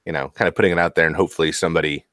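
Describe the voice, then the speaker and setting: A man's voice: sits low, steady tone, racing, a bit bright, no room sound. A man co-hosting a podcast, asking rambling, filler-heavy questions in casual chat. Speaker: podcast co-host.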